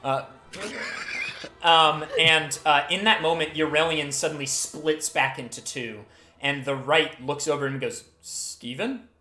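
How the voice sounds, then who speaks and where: A man running a tabletop game as game master, telling the scene with lively restarts. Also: on the high side, unhurried, reverberant, slight background noise. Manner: lively storytelling with many restarts.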